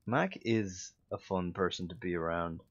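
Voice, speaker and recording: An Irish man with a Dublin accent and a very low voice, chatting on a livestream. He tells stories with fillers and restarts, poking fun at himself. The recording sounds slightly dull and lo-fi. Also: a little slow. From Ireland. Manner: anecdotal, self-mocking, with frequent fillers and restarts. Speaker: voice actor streaming. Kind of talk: casual livestream chat.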